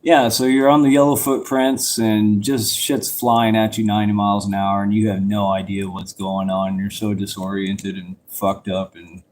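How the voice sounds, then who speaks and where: A man's voice: lowish voice, little pitch movement, moderate pace, hardly any pauses, darkish tone, a little hiss or hum. Rambling, profane man telling stories. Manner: rambling, profane, loose and conversational. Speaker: vlogger telling a life story. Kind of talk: casual storytelling.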